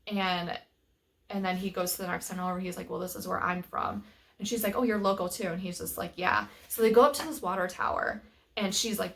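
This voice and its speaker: A woman's voice: lowish voice, steady tone, brisk, a bit bright. Chatty woman retelling a plot. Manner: chatty, retells scenes with quoted dialogue and many fillers. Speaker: book reviewer. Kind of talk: casual book review retelling a plot.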